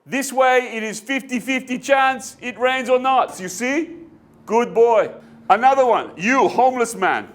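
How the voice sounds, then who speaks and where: An actor playing a pompous, bossy senior weather forecaster who speaks stiff, halting formal English in a put-on accent. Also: male voice, extremely high pitch, lively intonation. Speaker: comic actor. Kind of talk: amateur comedy sketch.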